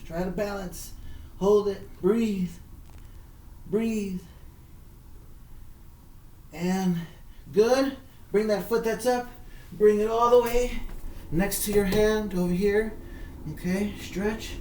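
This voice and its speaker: A kids' yoga instructor, a man with a slightly high, mellow voice and fairly even intonation, guides children through poses with slow, encouraging, repeated cues. He's recorded from far off in an echoey room with faint background noise.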